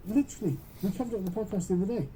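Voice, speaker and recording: Blunt, dark-voiced British man ranting. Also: sits high, very fast, a little hiss or hum, rough recording. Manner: emphatic, profane, long run-on sentences. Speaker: political commentator. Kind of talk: podcast commentary.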